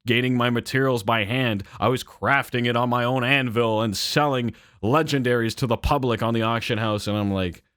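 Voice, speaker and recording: A young man telling a story in a casual rant, rambling and animated, with swearing and frequent fillers and self-corrections. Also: medium pitch, moderate pace, few pauses, clear, resonant tone, no room sound, studio quality. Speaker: channel host.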